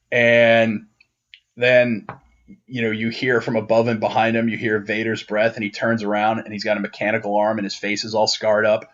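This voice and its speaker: A man's voice: fairly low pitch, fairly bright tone. A man co-hosting a nerd podcast in loose, rambling chat. He stumbles through restarts and fillers and gets worked up when something bugs him. His audio sounds a little dull and lo-fi. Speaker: podcast co-host. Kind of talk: casual chat.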